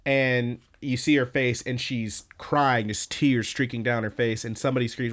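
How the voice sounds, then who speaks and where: A man's voice: mid-range voice, flat delivery, moderate pace, a bit bright. A man hosting a podcast, casually recapping an anime episode in a rambling, profane way with lots of fillers and restarts. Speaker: podcast host.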